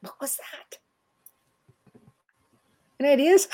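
A middle-aged woman with a Canadian accent, chatting away over a video call. She talks at an easy, ordinary pitch and breaks into laughter often as she tells her story. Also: unhurried, long pauses, darkish tone. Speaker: host. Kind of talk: casual chat on a video call.

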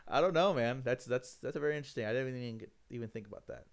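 A man co-hosting a casual podcast about fighting games, talking in a relaxed, hesitant way. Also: mid-range voice, very fast, gravelly. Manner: relaxed, hesitant, many fillers and restarts. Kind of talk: casual gaming chat.

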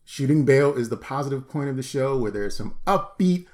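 A man's voice: medium pitch, lively intonation, moderate pace, a little mellow. A man in his forties co-hosting a podcast, joking and rambling in a playful, casual way. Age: 40s. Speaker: podcast co-host.

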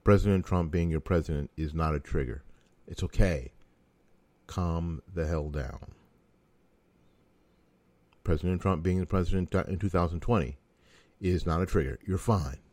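A man's voice: low voice, normal speed, pauses often, a little mellow, dry recording. A middle-aged American man giving a folksy, sarcastic opinion monologue as a talk show host.

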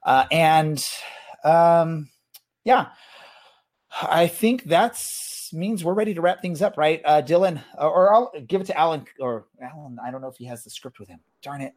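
A man's voice: on the high side, moderate pace, a little mellow. A man hosting a casual soccer podcast, talking in a loose, rambling way full of fillers. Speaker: podcast host.

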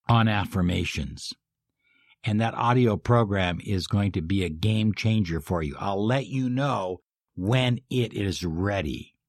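A low-pitched man coaching listeners through affirmations at an unhurried pace. He moves from emphatic bursts to hushed, drawn-out phrases. The sound is dry and close, with no room around it. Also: dry recording. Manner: emphatic, swings from pumped-up to soft and slow. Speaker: life coach. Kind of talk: motivational affirmation talk.

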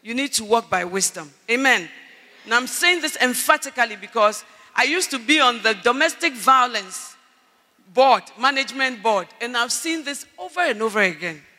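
In a large hall, a male preacher delivers a sermon in a very high, bright, piercing voice. He preaches at a moderate pace with lively intonation and emphasis, rising to shouts and calling for Amen as long reverb trails each phrase.

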